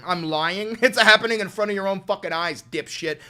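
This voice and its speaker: Profane, taunting young man with a bright voice. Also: sits high, a little fast, few pauses, clean tone. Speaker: streamer, channel host. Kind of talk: live-stream political rant.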